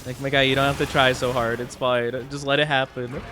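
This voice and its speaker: A medium-pitched young man speaks a little fast over background noise as he streams a game. His casual chat with viewers is playful and excitable, full of loud reactions to what they write.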